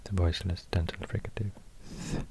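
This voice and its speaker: A man with a Swedish accent rambling quietly in soft-spoken ASMR, half-whispering and pausing often. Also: low-pitched, little pitch movement, slight background noise. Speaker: ASMR creator.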